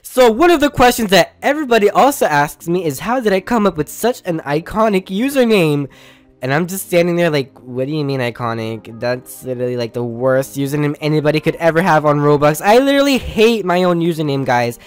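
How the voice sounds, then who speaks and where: A young vlogger telling a casual story about their gamer name, chatty and animated, jumping into side comments and acting out how others reacted. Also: mid-range voice, a little fast, faint music behind. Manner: chatty and animated, jumps between asides; acts out quoted reactions in different voices. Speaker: online game creator and designer.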